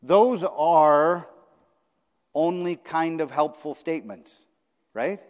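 A male pastor giving a sermon in a conversational preaching style, repeating phrases for emphasis. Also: fairly high pitch. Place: church sanctuary. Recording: long church reverb.

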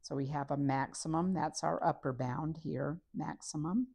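In this recorded math lesson, a woman narrates each step methodically as she writes on a graph. Her low, creaky voice keeps a steady, moderate pace.

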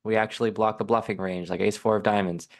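A man with a low, gravelly voice breaks down poker hands as a guest coach. He talks in a relaxed, analytical way, slightly tired and casual. There is a rough fry under his words. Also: quick pace.

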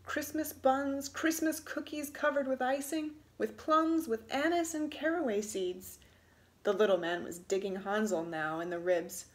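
Lady reading a kids story out loud, high voice, really expressive, plays up the sound words. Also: a little slow, reverberant.

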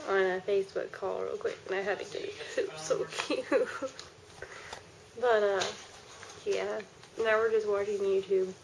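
A woman's voice: medium pitch, gravelly, slight background noise. A young woman chatting playfully in a casual home vlog, teasing and giggling. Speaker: vlogger.

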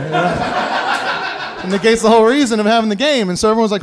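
A man telling a long comic story on stage, rambling and swearing, full of fillers, and breaking into loud, high quoted voices. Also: quick pace. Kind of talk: live stand-up storytelling. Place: live stage before an audience.

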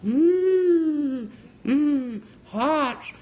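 A man's voice: very high-pitched, expressive, drawn-out words, a little mellow, lo-fi sound, voice pushed up, exaggerated voice. A man voicing a creepy old man who murmurs and smacks his lips in a leering way.

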